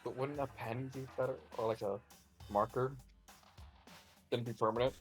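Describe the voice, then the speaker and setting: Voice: mid-range voice, steady tone, moderate pace, faint music behind. Laid-back joking stream guest. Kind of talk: casual chat.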